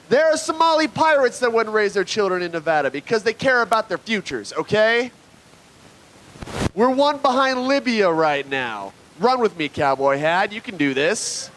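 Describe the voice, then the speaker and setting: A man's voice: high-pitched, fairly bright tone, slight background noise, poor audio. A man doing a live stand-up set on a club stage, brash and riffing with the crowd. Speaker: stand-up comedian.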